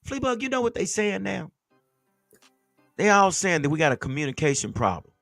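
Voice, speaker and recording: A man hosts a sports podcast with heated, unfiltered emphasis, pressing each point hard. His voice sits a bit high and sounds tense and forceful. It is close and dry, with faint music underneath. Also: sing-song, moderate pace, creaky, no room sound. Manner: heated, emphatic, fired-up ranting. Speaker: podcast host and former football player. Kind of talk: casual sports podcast chat.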